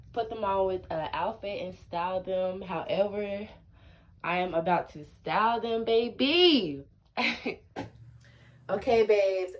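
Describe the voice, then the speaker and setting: A woman's voice: mid-range voice, distant mic. A young woman vlogging about her homemade fashion, chatty and bubbly, rambling with lots of fillers, her throat a bit scratchy. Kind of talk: casual DIY fashion vlog.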